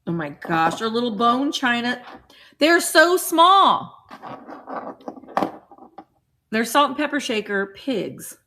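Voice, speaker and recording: A middle-aged woman hosting a casual live stream, chatting with viewers and getting excited over small cute items. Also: a little high, moderate pace, hardly any pauses, noisy background. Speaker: vintage reseller hosting a livestream.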